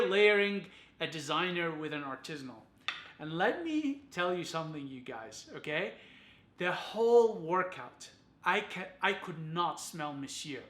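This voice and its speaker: A man's voice: high-pitched, sharp tone, reverberant. A man giving a chatty to-camera perfume review, often adding "okay" and "you guys".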